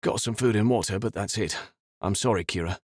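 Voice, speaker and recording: A man's voice: fairly low pitch, brisk, no room sound, clean studio sound, natural voice. A male narrator voicing a determined teenage boy hero who speaks in an urgent way. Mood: worn out.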